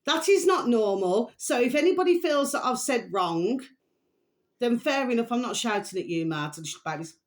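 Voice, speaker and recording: A woman's voice: a little high, big pitch swings, a little fast. Middle-aged woman, vlog host, rambling, emphatic opinion chat. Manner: rambling, chatty, repeats pet phrases, emphatic. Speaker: vlogger host. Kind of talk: casual opinion monologue to camera.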